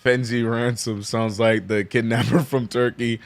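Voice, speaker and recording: A man hosting a casual live watch-along stream, reading viewer chat aloud and reacting with sudden high exclamations. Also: level tone, measured pace, soft background music. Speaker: streamer host.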